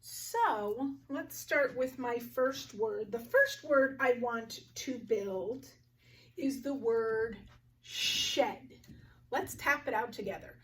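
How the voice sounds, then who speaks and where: A woman teaching a phonics lesson to young children, slowly sounding out each word with clear articulation. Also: on the high side, expressive, distant mic.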